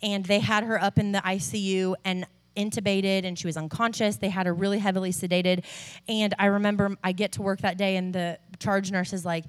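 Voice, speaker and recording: Young woman, nurse, church testimony, chatty, animated, lots of "like", builds to passionate. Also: medium pitch, a little fast. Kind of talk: testimony sermon to a church audience.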